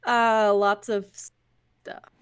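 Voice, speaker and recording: A woman's voice: mid-range voice, flat delivery, extremely slow, smooth, no echo. A woman co-hosting a podcast in casual chat, giggly and rambling with lots of likes. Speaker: podcast co-host.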